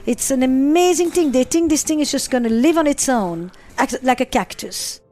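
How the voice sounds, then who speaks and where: A woman's voice: high voice, moderate pace, mellow. Emphatic woman therapist, over faint music. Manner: emphatic, repeats and lists words for stress. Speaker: relationship therapist. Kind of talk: interview answers.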